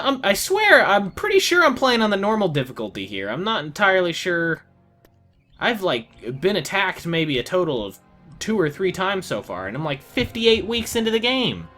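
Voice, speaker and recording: A man's voice: high voice, pushed and bright. A man giving casual gameplay commentary, talking to the game with exasperated outbursts. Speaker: let's play gamer.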